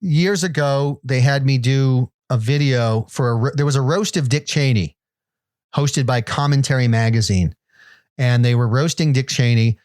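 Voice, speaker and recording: A man's voice: mid-range voice, normal speed, darkish tone, dry recording. Dry-sounding man in his 50s telling rambling stories. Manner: rambling self-deprecating anecdotes with restarts. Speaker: podcast co-host. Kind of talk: casual chat, storytelling.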